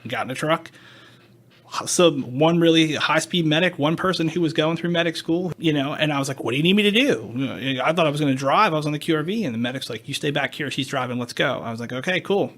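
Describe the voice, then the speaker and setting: Higher-voiced man telling a story. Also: fairly quick, a bit bright. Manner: storytelling, acts out quoted dialogue, swears, self-interrupting. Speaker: podcast host. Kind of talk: casual chat.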